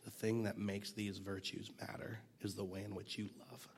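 A man's voice: fairly low pitch, little pitch movement, moderate pace, slight background noise. A man teaching a Bible passage in a casual, conversational way, fighting a cough and sometimes dropping to a near whisper. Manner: conversational, self-deprecating, drops to near whisper at times.

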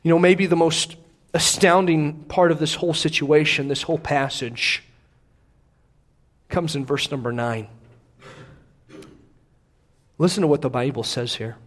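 A man preaching a sermon, swinging between loud, raised urging and hushed, prayerful low tones, reading scripture aloud. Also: normal speed. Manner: reads scripture in King James wording, repeats words when emphatic.

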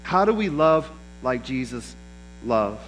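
On a low-quality recording with slight hiss or hum, a pastor preaches slowly at medium pitch, his voice swinging widely up and down. He keeps the sermon conversational and performs the lines of those he quotes.

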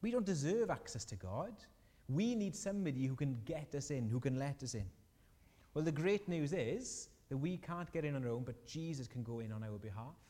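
A man's voice: mid-range voice, lively intonation, normal speed, mellow, in a large hall. A man preaching a sermon as a pastor, earnest and rising in emphasis on key lines.

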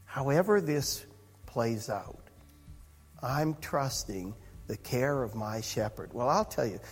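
Husky, lively pastor in a reverberant hall. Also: male voice, medium pitch, takes it slowly. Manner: conversational, self-interrupting, chuckling asides. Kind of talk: sermon.

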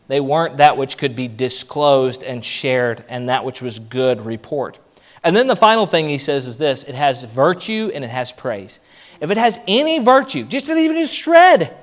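A pastor with a high voice preaches a sermon in an animated, lively way, acting out the voices of the people he quotes.

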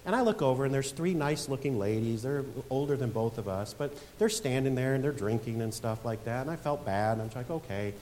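A male pastor in his forties delivers a sermon, shifting between conversational storytelling and emphatic, rising preaching. His mid-pitched voice carries a long hall reverb, with a faint hiss under it. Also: animated, quick pace, hardly any pauses, a little mellow. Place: church sanctuary.

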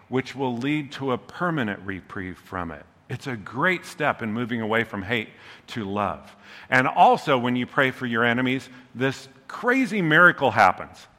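A pastor delivers a sermon with a bright, forceful voice. He is humorous and chatty and keeps checking in with listeners. His voice rings out with the long echo of a big church hall. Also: medium pitch. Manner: humorous, conversational, often checks in with "okay?". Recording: long reverb of a large hall.

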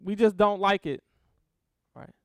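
A man's voice: high voice, a little slow, no echo, clean studio sound. A man teaching an informal sermon on spiritual disciplines, talking conversationally and often checking in with his listeners. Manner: conversational, checks in with frequent "okay?" and "right?".

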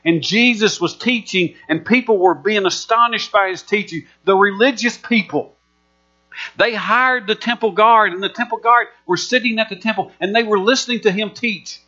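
A man with a high, bright, forceful voice preaches an emphatic, repetitive sermon. The recording is muffled and lo-fi, with a steady mains hum underneath. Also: moderate pace.

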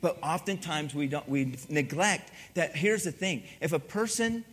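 A middle-aged man preaching a sermon as pastor, telling stories with lively acted-out dialogue. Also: fairly high pitch, a little slow. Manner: animated storytelling, acts out dialogue.

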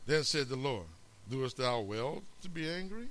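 A man preaching a sermon, animated, calling out amen and acting out the scripture's lines. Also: medium pitch, slow, slight background noise. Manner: animated, calls amen, acts out quotes.

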